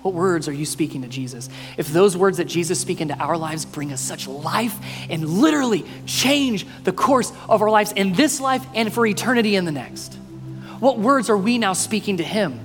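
A male pastor preaching a sermon, mostly earnest and quiet, breaking now and then into loud, playful bursts. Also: high-pitched, animated, normal speed. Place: church sanctuary. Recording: long reverb in a hall, faint music.

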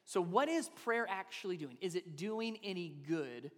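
A man's voice: high voice, animated, moderate pace, fairly bright tone, long reverb tail. A man in his thirties preaching a sermon as a pastor, talking conversationally and asking his listeners rhetorical questions.

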